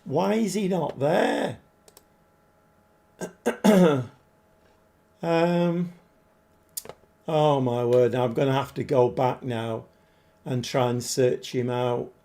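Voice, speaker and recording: A man live-streaming a game, chatting to viewers and getting easily frustrated, his voice a bit hoarse. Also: medium pitch, extremely slow, long pauses, mellow. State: voice struggling, slightly hoarse. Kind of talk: live-stream commentary while playing.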